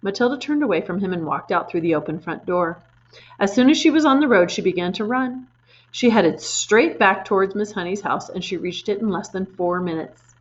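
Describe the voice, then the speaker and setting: A woman reading a children's storybook aloud in an expressive way, pointing out the pictures as she goes. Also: mid-range voice, brisk, dull audio.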